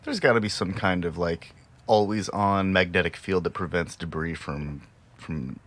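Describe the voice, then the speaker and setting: A man's voice: low voice, moderate pace, a bit bright. A man co-hosting a casual podcast chat, playful and a little hesitant, chuckling often between remarks. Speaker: podcast co-host.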